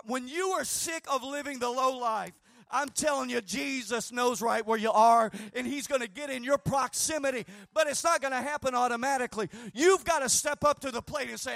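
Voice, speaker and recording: Fervent high-voiced preacher with gravel. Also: male voice, fairly quick, dry recording, studio quality. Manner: fervent preaching, swings from shouted to hushed. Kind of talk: sermon.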